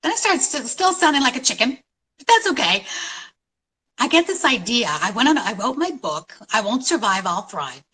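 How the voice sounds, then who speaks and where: A middle-aged woman from New York City telling her story at a conference in an animated, storytelling way, with dramatic pauses. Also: on the high side, slightly rough, poor audio. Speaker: conference speaker. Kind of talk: inspirational talk.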